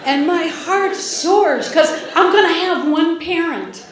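A woman's voice: very high-pitched, takes it slowly, heavy reverb, very noisy. An older woman from the Detroit area, telling a personal story to an audience in a wry, amused way, often laughing as she speaks.

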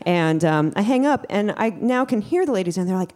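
A woman's voice: fairly high pitch, sing-song, fast, darkish tone. A young woman telling a personal story to an audience, chatty and wry, with many fillers.

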